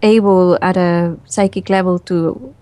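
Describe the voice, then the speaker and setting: A woman guest in a relaxed, chatty interview who laughs easily and uses lots of fillers. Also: fairly low pitch, measured pace, dry recording. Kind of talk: casual spoken interview.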